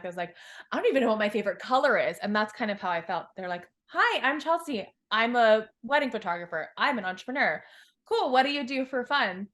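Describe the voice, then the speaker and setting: Speaking in a mid-range voice, a success coach from Hawaii in her thirties shares her story on a podcast. She's candid and expressive, cursing liberally and voicing her past thoughts as if reliving them.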